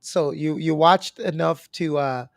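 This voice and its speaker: A man's voice: fairly high pitch, measured pace, creaky, no room sound, clean studio sound. A man hosting a podcast interview, easygoing and chatty, often backing up his guest with short affirmations. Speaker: podcast host.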